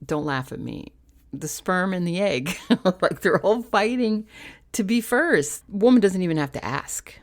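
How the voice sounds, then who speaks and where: Low gravelly-voiced woman chatting. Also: a little mellow. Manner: chatty and opinionated, counting off a numbered list. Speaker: vlogger giving dating advice. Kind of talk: casual talk to camera.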